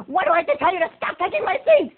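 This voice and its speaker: A man voicing a shrill, angry middle-aged woman in a movie theater, shrieking and indignant, on a tinny phone-like recording. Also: very animated, racing.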